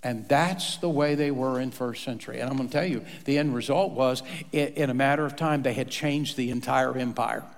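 Pastor preaching in a reverberant hall. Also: male voice, medium pitch, fairly quick, vocal fry, hardly any pauses. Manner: storytelling, animated, acts out quoted voices. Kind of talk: sermon.

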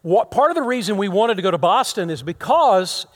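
Middle-aged pastor guy preaching, pretty high voice, gets loud then goes almost whisper quiet. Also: sing-song, brisk. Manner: impassioned, rises loud then drops to near-whisper. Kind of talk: sermon.

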